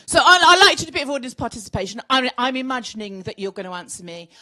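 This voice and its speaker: Female stand-up, middle-aged, Birmingham accent, brash and bawdy, lively pitch. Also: very fast. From Birmingham, England. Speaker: stand-up comedian. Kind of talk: stand-up routine. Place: comedy club stage.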